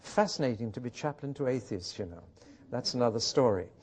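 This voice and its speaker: A man's voice: mid-range voice, lively intonation, brisk, darkish tone. A man teaching a Bible study, building points through rhetorical questions and personal stories. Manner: emphatic, rhetorical questions, storytelling. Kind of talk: teaching talk with anecdotes.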